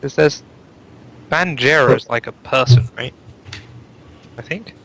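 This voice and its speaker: A man co-hosts a casual live chat show from a home microphone on an online call. He rambles through the list with jokes and plenty of ums and uhs. His voice sits at an ordinary middle pitch. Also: unhurried, creaky, a bit bright, poor audio. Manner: rambling, joking, lots of fillers. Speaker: co-host reading out new speedruns.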